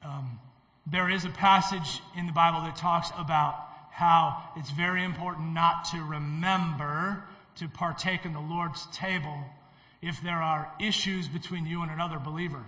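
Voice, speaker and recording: Earnest pastor guy leading communion, bright forceful voice, big church echo. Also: fairly high pitch, fairly even intonation. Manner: earnest, exhorting, halting restarts. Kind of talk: sermon and communion service. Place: church sanctuary.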